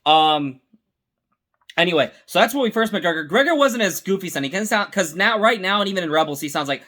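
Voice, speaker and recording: Male host, casual fan review, high voice, excitable, trips over himself correcting details. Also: fast. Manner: excited, rambling, with frequent self-corrections.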